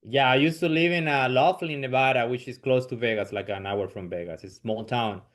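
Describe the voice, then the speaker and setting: A man's voice: medium pitch, brisk. A man from southern Chile with a Chilean accent, speaking English as a second language, chatting loosely as a comedian guest on a podcast. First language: Spanish. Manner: easygoing, laughs readily, loose and informal. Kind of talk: casual podcast chat.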